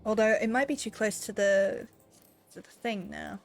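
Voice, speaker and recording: A woman streamer with a mid-range voice talks at a moderate pace over soft background music. Chatting casually with her viewers as she plays, she laughs often and pokes fun at herself.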